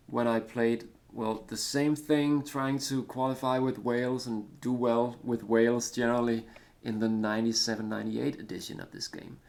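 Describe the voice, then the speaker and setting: This gaming commentator is a man from Denmark whose first language is Danish, with a mid-range voice and vocal fry. He talks casually over a retro football management game in let's-play style, full of fillers, hesitant, rambling and self-deprecating.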